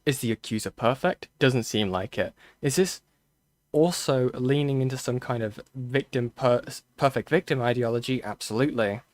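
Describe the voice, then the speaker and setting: A man in a casual live-stream commentary, talking to his chat as he reads through things on screen. His voice sits in an ordinary middle pitch and is recorded dry and close, with no room sound. He thinks aloud, stalls on restarts and keeps coming back to "okay". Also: no room sound. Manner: halting, thinking aloud with restarts and frequent okays. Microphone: close desk mic.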